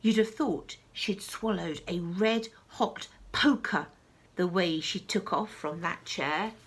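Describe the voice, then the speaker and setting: A woman reading a children's story aloud, with slow, expressive delivery and hushed asides. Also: lowish voice, breathy edge.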